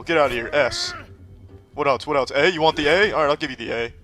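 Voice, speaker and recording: A man hosting casual gameplay commentary, sarcastic and profane with deadpan jokes. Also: a little high, quick pace, soft background music. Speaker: host reacting and playing a game.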